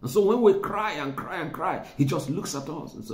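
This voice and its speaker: A man's voice: a little high, animated, fairly quick, echoey room. A man preaching a sermon, conversational, repeating words for emphasis and chuckling now and then. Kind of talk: sermon teaching.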